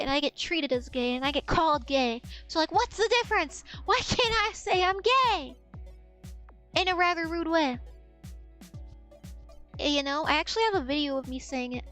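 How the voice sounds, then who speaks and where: A woman's voice: high-pitched, brisk, fairly bright tone, faint music behind. A young woman streamer chatting candidly in a loose, rambling way that often trails off. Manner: rambling, candid, trailing off into repeated "I don't know". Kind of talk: casual stream chat.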